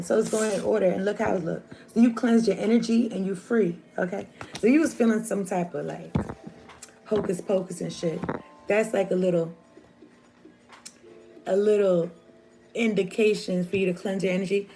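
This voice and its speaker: A woman's voice: mid-range voice, moderate pace, gravelly, mellow. A woman giving a casual, rambling tarot reading to her viewers, chatty and slangy. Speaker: tarot reader. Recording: noisy home recording.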